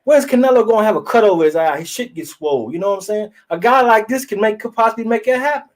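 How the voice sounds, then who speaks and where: Blunt, high-voiced man talking boxing. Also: fast. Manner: blunt, profane, animated storyteller. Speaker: podcast host. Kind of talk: casual boxing talk.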